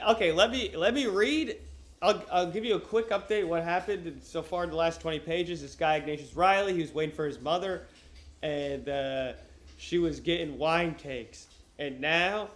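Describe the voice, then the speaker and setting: A man's voice: a little high, unhurried. A man chatting casually and profanely on a livestream from a room at home while wearing headphones, joking around as he reads a novel aloud. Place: room at home with his dog. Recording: roomy echo.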